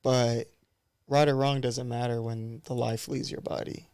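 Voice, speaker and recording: A man's voice: mid-range voice, little pitch movement, unhurried, darkish tone, clear, resonant tone, no room sound, clean studio sound. A man in his thirties, a barber guest on a podcast, talking in a candid, loose and reflective way. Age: 30s. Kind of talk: casual podcast conversation.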